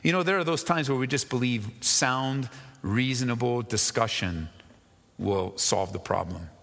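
A male pastor preaching a sermon with earnest emphasis, dropping at times to hushed, slow asides. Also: medium pitch. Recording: long reverb of a large hall.

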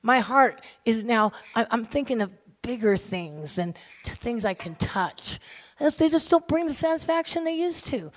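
A woman preacher delivers a sermon in a fairly high voice, moving from bursts of loud excitement to hushed, earnest stretches. She tells stories with energy and briefly acts out the people in them. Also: a little slow. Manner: animated storytelling, swinging from loud excitement to quiet intensity.

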